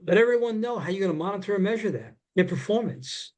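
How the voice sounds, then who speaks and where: Earnest guy coaching shop owners on a webinar, kinda high voice, repeats stuff for emphasis. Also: animated, quick pace, a little mellow. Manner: earnest, repeats words, tells stories. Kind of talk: business coaching presentation.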